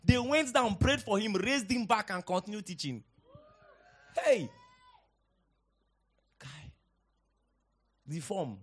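A male pastor preaching a sermon, swinging from hushed teaching to shouted exhortation and quoting scripture in dramatic old-fashioned wording. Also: high-pitched, animated, slow pace, pauses often, slightly rough.

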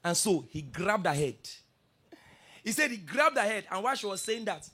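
A male pastor preaches with a high voice that leaps up and down. He tells his stories with energy, dropping to quiet asides and then rising to loud declarations. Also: normal speed, slightly rough. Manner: animated storytelling, swings from soft asides to loud declarations. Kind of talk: sermon.

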